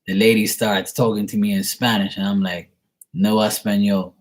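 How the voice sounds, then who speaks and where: Husky Bermudian man chatting casually. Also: lowish voice, flat delivery, fairly quick. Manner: chatty, digressive, mimics other people's voices in quotes. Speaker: vlogger answering viewer questions. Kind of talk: casual rambling monologue.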